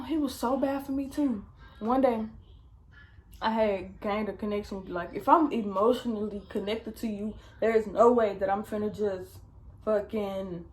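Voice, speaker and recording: A woman's voice: fairly high pitch, darkish tone, a little hiss or hum. A young woman vlogger telling a storytime, chatty and slangy, swearing often. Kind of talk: casual storytime.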